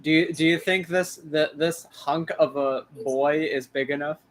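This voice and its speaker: A man's voice: a little high, steady tone, measured pace, rough recording. A man hosting a casual chat, bantering and teasing his friend. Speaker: channel host.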